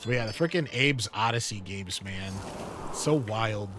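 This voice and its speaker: A man's voice: on the low side, lively intonation, a little slow. Rambling male streamer over game music. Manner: rambling, filler-heavy, easily sidetracked. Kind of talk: casual gaming chat.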